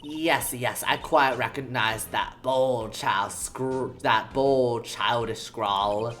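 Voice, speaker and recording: A woman acts out a haughty security guard lady from a game who looks down on everyone. Her lines come out slow, clipped and dismissive. The voice is pitched very low. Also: fairly bright tone, full character voice. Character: snooty, stern middle-aged female security guard.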